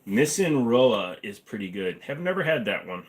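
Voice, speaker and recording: A man's voice: medium pitch, sing-song, normal speed. A man in his forties hosting a casual livestream Q&A from his apartment, talking in a rambling, offhand, joking way. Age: 40s. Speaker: livestream host. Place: apartment bedroom-living room.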